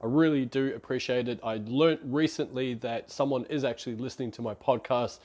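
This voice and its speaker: A man's voice: mid-range voice, fairly even intonation, a little fast, darkish tone. A man, hosting a solo podcast in a chatty, rambling, self-deprecating way. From New Zealand. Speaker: podcast host.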